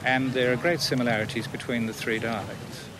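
A man explaining points as a linguist in an interview, thoughtful and pausing with fillers. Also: medium pitch, fairly even intonation. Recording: noisy interview recording.

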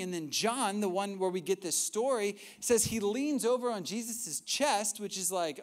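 A young adult man preaching a sermon as a pastor, retelling a story in an animated way with asides and acted-out quotes. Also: high-pitched, brisk, few pauses.

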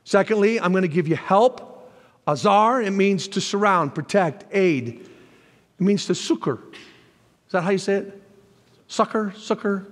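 Man, pastor; high voice, lively preaching, reverberant sanctuary. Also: measured pace, long pauses. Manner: animated preaching, jumps to shouts when voicing God; folksy asides to the congregation. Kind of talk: sermon.

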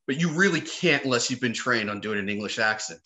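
Man, podcast guest, actor-comedian, bright tense voice, animated storytelling, casual swearing. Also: medium pitch, quick pace. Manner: animated storyteller, swears freely, acts out quotes.

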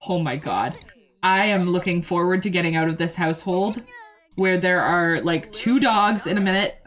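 A young woman streaming a game, chatting casually and excitably, swearing freely and talking to her chat and to the characters on screen. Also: on the low side. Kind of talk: casual gameplay commentary.

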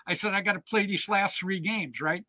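A man hosting a show, telling casual stories in an animated, chatty way and checking in with "right?" and "man". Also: sits high, moderate pace, no echo. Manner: animated yarn-spinner, peppers lines with "man" and "right?". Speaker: show host. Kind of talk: casual storytelling chat.

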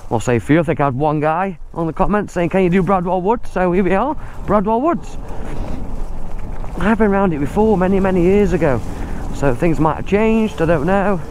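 Breathless on an e-bike in muddy woods, a man keeps up chatty running commentary and exclaims at the mud. His voice sits high with a darkish tone over slight background noise.

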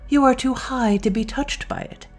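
A woman reading an audiobook, voicing an earnest, lovestruck young male doctor in a measured way. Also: on the high side, soft background music, voice pushed up.

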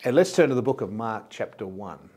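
A man's voice: fairly low pitch, animated, brisk, darkish tone, husky. A man from Australia, a pastor, preaching a sermon in a plain, explanatory way and often repeating words as he goes.

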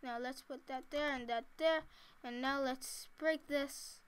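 A woman's voice: high voice, fairly even intonation, a little slow. A woman casually talking to herself while she plays a building game, chatty and giggly. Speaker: gameplay commentator. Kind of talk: casual let's-play commentary.

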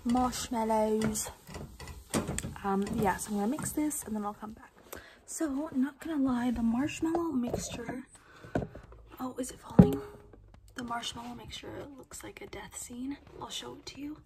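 A woman's voice: fairly high pitch, normal speed, very noisy. A young woman, a student, chatting in a casual cooking vlog, mostly whispering in her home kitchen late at night. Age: young adult. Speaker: student vlogger.

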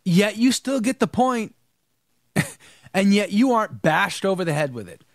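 Male live-show host, lively and animated, dry close sound. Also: high voice, unhurried, no echo. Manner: animated, rambling, repeats words. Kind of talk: live-stream commentary and chat.

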